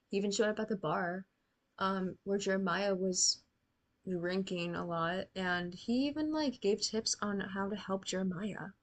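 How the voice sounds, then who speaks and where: Her pitch is medium as this young woman offers offhand commentary on a TV show. She's sarcastic and blunt, swears without restraint, and talks right at the characters.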